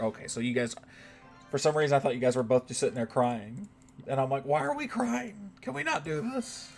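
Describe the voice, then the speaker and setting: A man chats loosely with his live stream audience while he plays. He jokes, teases, and swears freely. His voice sits at a middle pitch, with soft music playing underneath. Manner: joking, talks to chat, swears. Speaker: game streamer. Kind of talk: casual live-stream chat.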